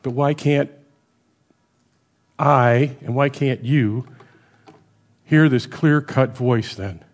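A middle-aged man delivers a sermon in a loose, conversational manner. He keeps checking in with his listeners and swings between loud emphatic stretches and quiet, low asides. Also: extremely slow, pauses often. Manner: varies loudness a lot, rising for emphasis and dropping low. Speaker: preacher.

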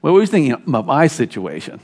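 A man preaching a sermon in a church, emphatic and animated, dropping at times into quiet asides. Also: mid-range voice, brisk. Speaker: pastor.

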